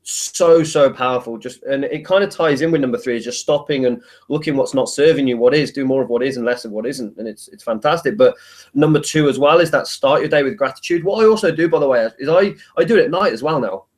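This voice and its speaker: A man's voice: medium pitch, fast talker. A man hosting a casual interview, talking emphatically and bluntly, with plenty of enthusiasm. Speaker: interview host, coach.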